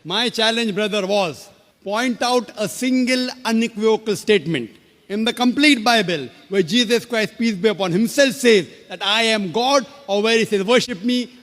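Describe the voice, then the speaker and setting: Man, lecturer, firm and insistent, high-pitched, long reverb of a big hall. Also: normal speed, a bit bright. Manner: firm, insistent, keeps addressing the questioner as brother. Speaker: lecturer answering audience questions. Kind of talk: public debate answer.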